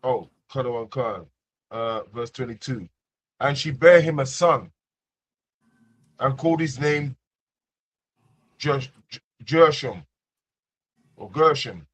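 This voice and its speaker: A man's voice: medium pitch, slow, pauses often. Man reading scripture aloud. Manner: plain, careful reading with small stumbles. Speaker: scripture reader.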